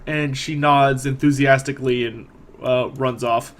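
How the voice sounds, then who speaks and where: A man's voice: medium pitch, fairly even intonation, unhurried. A man narrating a tabletop game as game master, describing actions in the second person.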